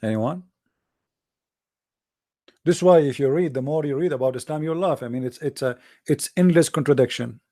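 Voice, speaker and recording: Man, debate host, sarcastic and combative, fairly high voice, dry close sound. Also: normal speed, pauses often, dark tone, dry recording. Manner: mocking, argumentative storytelling. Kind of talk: live-stream monologue.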